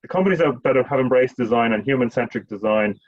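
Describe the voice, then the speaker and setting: A man's voice: mid-range voice, quick pace. A man answering as a panelist, rambling with many fillers and repeated words. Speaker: trainer, panelist. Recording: dull, muffled audio.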